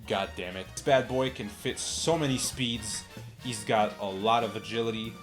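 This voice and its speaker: A man giving rambling, sarcastic comedic commentary, swearing often and jumping up in pitch for jokes. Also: moderate pace. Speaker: YouTube comedy host. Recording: music playing behind.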